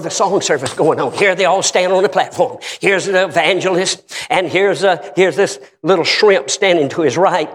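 High-voiced preacher in a reverberant church. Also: male voice. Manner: storytelling with acted-out quotes, rising to shouts. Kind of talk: sermon. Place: church sanctuary.

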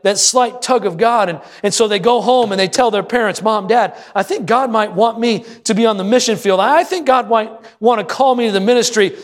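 High-voiced preaching man. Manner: preaching with rising shouted emphasis and call-and-response questions. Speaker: pastor. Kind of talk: sermon. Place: church service.

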